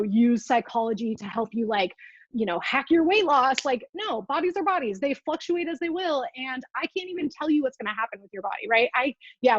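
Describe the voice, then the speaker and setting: A woman's voice: fairly high pitch, dry recording, dull audio. Casual young woman coach, filler-heavy. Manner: casual, filler-heavy, reacts to live comments. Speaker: food freedom coach. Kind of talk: live-streamed coaching talk. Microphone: earbuds.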